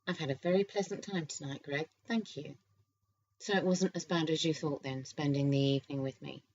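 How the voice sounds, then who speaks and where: A playful young career woman with a teasing wit, voiced by a woman narrating a romance audiobook. Her voice sits low, and she tosses off quick, teasing comebacks. The recording is a little dull and lo-fi. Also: husky. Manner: teasing, lively, quick retorts.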